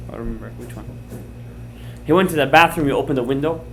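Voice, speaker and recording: A man teaching a Torah class as a rabbi, telling a story with lively acted-out quotes, mixing in Hebrew terms and checking words with his listeners. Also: mid-range voice, quick pace, creaky, background noise. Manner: animated storyteller, acts out quoted lines, checks words with the audience; mixes in Hebrew and Aramaic terms.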